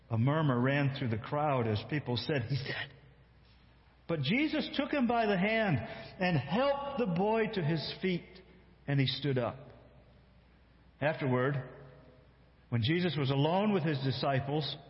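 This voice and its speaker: A man preaching a sermon, retelling scripture slowly and with emphasis, acting out the quotes. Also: a little high. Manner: slow, emphatic storytelling with acted-out quotes. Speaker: pastor. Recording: echoey hall, dull lo-fi sound.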